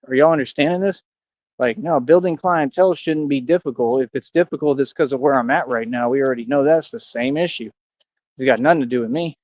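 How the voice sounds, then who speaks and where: A man on a casual livestream, boasting and squaring up to his viewers in loose street slang. His voice sits at an ordinary pitch. The sound is dull and lo-fi, with a dry, close feel and no room echo. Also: brisk. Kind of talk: casual livestream rant to chat.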